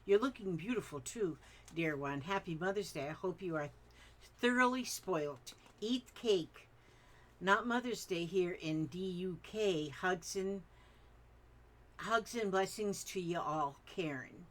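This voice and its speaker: Older female craft host, lowish voice, chatty and rambling while reading comments. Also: lively intonation, measured pace. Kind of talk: reading viewer comments aloud.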